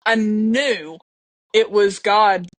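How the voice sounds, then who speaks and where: A woman's voice: mid-range voice, drawn-out words, no echo. A middle-aged woman, telling a personal story earnestly on a podcast. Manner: earnest, emotional, with restarts and laughs. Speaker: podcast guest. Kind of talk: casual storytelling.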